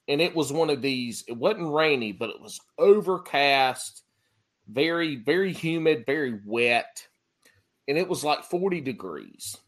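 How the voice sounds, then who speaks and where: A man hosting a casual chat, telling stories in an animated, joking way and swearing freely. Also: a little high. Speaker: podcast host.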